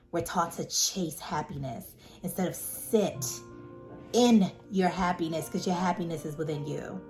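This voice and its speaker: A woman vlogger speaks in a casual, heartfelt monologue, her voice sitting a little low. She is animated and emphatic and repeats words over and over to drive a point home. Faint music plays quietly behind her. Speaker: vlogger reviewing a web series.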